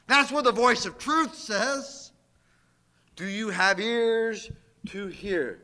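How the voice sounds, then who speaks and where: Male preacher, sermon, slow and deliberate, high voice, rhetorical questions, emphatic. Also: lively intonation, bright, forceful tone. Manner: slips into mocking quoted voices.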